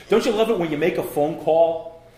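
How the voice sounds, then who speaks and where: A man's voice: fairly high pitch, mellow. A man preaching a sermon as pastor, chatty and jokey, checking in with "right?" as he goes. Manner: conversational and jokey, keeps asking "right?". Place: church sanctuary. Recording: echoey church hall.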